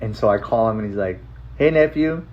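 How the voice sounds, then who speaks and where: A man telling a personal story in a casual, rambling way, full of filler words and swearing, emotional and excited. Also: on the low side, fairly quick, lo-fi sound. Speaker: vlogger.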